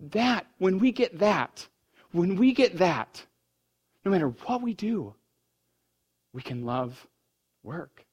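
A man's voice: high voice, expressive, slow pace, long pauses, husky. Man preaching with rising fervor. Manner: storytelling, swings from hushed to fervent. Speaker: pastor. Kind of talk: sermon.

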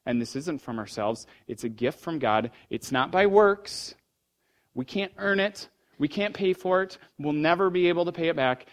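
A man preaching a sermon as pastor, telling a story that moves between hushed, low passages and fervent, raised ones.

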